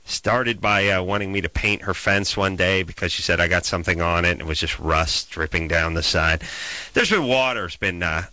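A man hosting a casual chat, telling stories in an animated, ranting way. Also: deep voice, moderate pace, dry recording.

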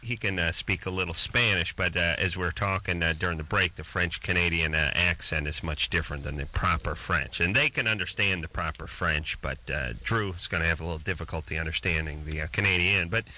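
Wisecracking bright-voiced radio host. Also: male voice, deep voice, brisk, few pauses. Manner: wisecracking, sarcastic and crude. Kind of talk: late-night radio call-in chat. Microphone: studio microphone.

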